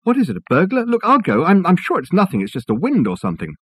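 A man's voice: on the high side, wildly swooping pitch, fairly quick, husky, no room sound, studio quality, pitched above the performer's own voice, exaggerated voice. A man voicing a polite, bewildered younger male guest in an audiobook, hesitant and prone to stammering. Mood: alarmed. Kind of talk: audiobook character voice.

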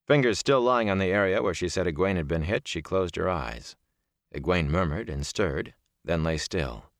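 A male narrator reading fiction aloud with steady, expressive storytelling. His voice is deep, yet it moves with lively inflection. The recording is close and dry. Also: moderate pace, no echo. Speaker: audiobook narrator. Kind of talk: scripted narration.

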